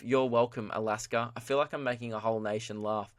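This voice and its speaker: A man's voice: medium pitch, fairly even intonation, fast, no echo. A young man, hosting a solo comedy podcast and ranting in a sweary way while laughing at his own jokes. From Australia. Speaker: podcast host.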